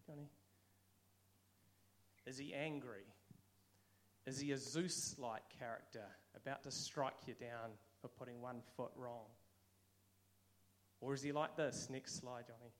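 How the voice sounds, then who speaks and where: A man's voice: medium pitch, fairly even intonation, moderate pace. A man with a New Zealand accent giving a casual, conversational sermon, now and then acting out quoted voices. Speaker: preacher.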